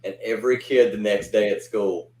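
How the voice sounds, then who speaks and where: A man on an online panel chat, telling stories in a chatty, animated way. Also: lowish voice, normal speed. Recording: roomy, echoey sound.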